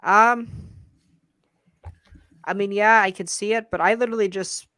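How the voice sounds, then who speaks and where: A man with a smooth, resonant voice, pitched a little higher than most, chatting about a film in a relaxed back-and-forth. The sound is dry and close. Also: a little slow, no echo. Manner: relaxed, conversational, asks questions. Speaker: podcast co-host. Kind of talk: casual movie review chat.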